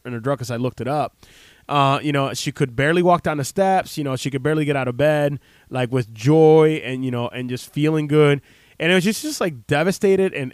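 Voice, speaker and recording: A man in his thirties hosts a radio talk show from the studio. His talk is casual and rambling, full of fillers and restarts. His voice sits a little high for a man, and the close mic sounds very dry. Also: dry recording. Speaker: chiropractor radio host.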